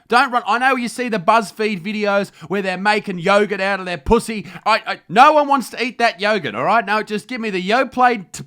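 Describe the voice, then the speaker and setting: A man with an Australian accent hosting a mock news show, ranting loudly in a brash, crude comedic style. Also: sits high. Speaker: comedy vlog host.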